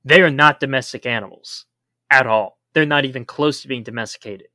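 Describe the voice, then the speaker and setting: A man's voice: mid-range voice, brisk, pushed and bright, dry recording, clean studio sound. A man co-hosting a podcast, explaining in a casual chat with emphatic warnings. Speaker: podcast co-host.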